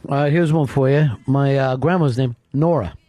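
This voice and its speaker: A man hosting a talk radio show, joking, profane and quick with teasing remarks. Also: medium pitch, mellow, no echo. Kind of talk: casual talk radio banter.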